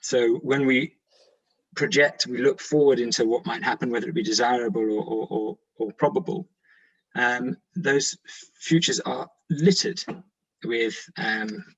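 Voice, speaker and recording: A man speaks on a discussion panel with a husky, gravelly voice. He pauses often on ums. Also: mid-range voice, a bit bright, dull audio. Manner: halting, frequent ums.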